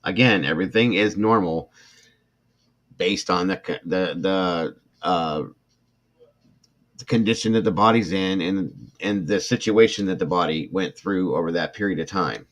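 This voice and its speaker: A middle-aged man reads a report aloud on his true crime livestream in a low, fairly bright voice at a measured pace. He grows emotional and irritated, addressing chat viewers by name.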